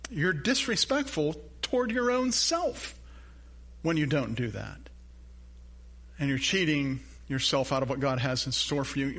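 A man's voice: fairly high pitch, pushed and bright. An older man, a grandfather and pastor, preaching a sermon in an earnest, conversational way with personal stories.

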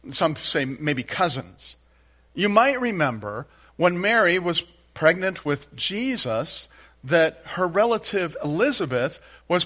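Folksy male pastor preaching. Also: fairly high pitch. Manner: folksy, animated storytelling with playful asides. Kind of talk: sermon.

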